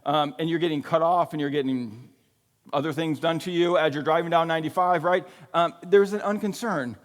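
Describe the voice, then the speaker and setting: Pastor guy preaching loose and chatty, a bit high voice, big church echo. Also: a little fast. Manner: casual, conversational preaching with frequent "right?" and "like". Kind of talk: sermon. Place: church sanctuary. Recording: long reverb of a church hall.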